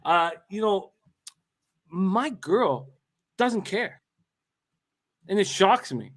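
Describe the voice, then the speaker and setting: A man's voice: sits high, lively intonation, very slow. A young man co-hosting a live betting watch party in casual chat, rambling with many fillers and restarts.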